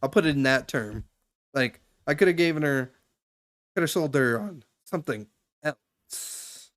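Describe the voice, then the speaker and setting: This young man's voice is a little high, animated and fairly bright, and he takes his time. Streaming live, he rambles through casual advice for a stranger, full of fillers and restarts.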